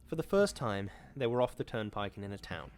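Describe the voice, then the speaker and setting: A man hosting a show, reading a horror story aloud in a steady, measured way. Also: fairly low pitch.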